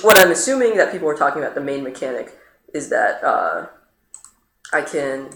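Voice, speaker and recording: A streamer chatting casually over gameplay, rambling with many fillers and sudden jumps in pitch. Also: fairly bright tone. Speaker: streamer playing the game. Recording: roomy echo, faint noise.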